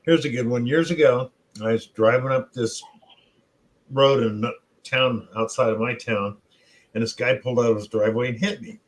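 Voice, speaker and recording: A man's voice: mid-range voice, steady tone, normal speed, poor audio. A middle-aged man co-hosting a casual chat, telling anecdotes and acting out what others said. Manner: chatty storyteller who acts out quotes. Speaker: co-host.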